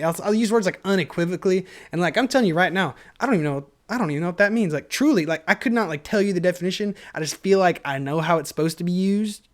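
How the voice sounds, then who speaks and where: A man talking to himself on a solo podcast in a loose stream of consciousness. He is a little tipsy from wine and keeps poking fun at himself. His talk is full of likes, you knows and half-finished thoughts. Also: a little high. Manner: rambling stream of consciousness, self-deprecating, many fillers. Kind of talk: casual solo podcast monologue.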